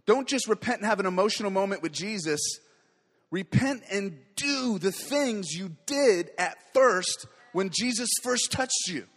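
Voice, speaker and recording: A man preaches with fervent energy, dropping to quiet asides and then rising to loud declarations. His voice sits high for a man. The sound rings with the long reverb of a large hall. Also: expressive, measured pace, faint music behind. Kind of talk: sermon.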